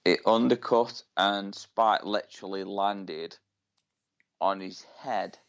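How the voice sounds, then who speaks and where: Blunt low-voiced man, dull lo-fi audio. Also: steady tone, slow, gravelly, clear, resonant tone. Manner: blunt, swears, short reactions. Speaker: podcast co-host. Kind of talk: casual wrestling chat.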